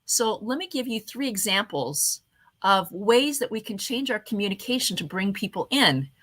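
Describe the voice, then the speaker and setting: A woman hosting an online event and giving a motivational talk on communication, changing her voice often and slowing down on purpose, speaking into a webcam at her computer. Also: medium pitch. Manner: expressive, varies her voice often, slows down on purpose.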